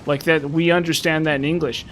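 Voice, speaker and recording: A man's voice: on the high side, level tone, fairly quick, a bit bright, slight background noise. A young man casually commenting while he plays a game, rambling and musing with many restarts and fillers. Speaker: gaming channel host.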